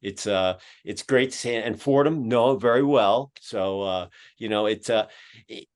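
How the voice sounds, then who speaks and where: A man with a Philadelphia accent hosts a podcast over a video call, his voice sitting a little low. He talks in a loose, folksy ramble full of "uh" and "you know.". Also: unhurried. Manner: rambling, filler-heavy, folksy. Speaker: podcast host. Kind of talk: casual closing remarks. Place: home in Georgia, on a video call.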